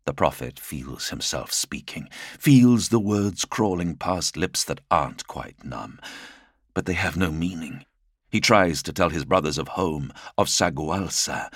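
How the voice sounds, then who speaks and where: A man narrating an audiobook in a dramatic, measured storytelling manner. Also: rumbling low, fairly bright tone, no room sound, clean studio sound. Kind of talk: scripted narration.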